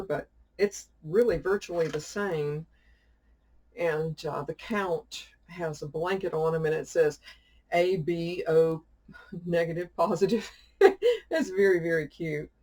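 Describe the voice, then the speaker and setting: A woman's voice: fairly low pitch, measured pace, darkish tone, husky. A woman chatting casually as she shows off a shopping haul and tells a rambling story, laughing often. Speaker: witchcraft YouTuber showing a shopping haul. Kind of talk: casual chat.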